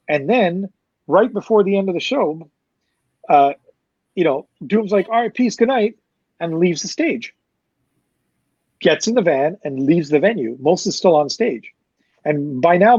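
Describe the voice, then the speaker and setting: A man with a Canadian accent casually recounting a story as a promoter, animated, swearing and acting out the people he quotes. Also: fairly high pitch, breathy edge, dry recording. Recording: slightly muffled dry recording.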